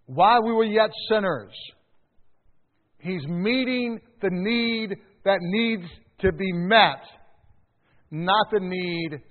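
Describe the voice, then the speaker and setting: Older male pastor, high voice, hall echo. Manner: conversational preaching with emphatic rises and soft drops. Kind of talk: sermon. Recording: tinny phone-like sound in a reverberant hall.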